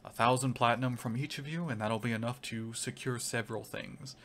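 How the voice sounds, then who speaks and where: A man voicing a fat, scheming crocodilian crime lord in a tabletop game, with an Irish accent and a smooth, wheedling sales patter. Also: mid-range voice, fairly quick, fairly bright tone, slight background noise, close to an everyday voice. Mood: persuasive.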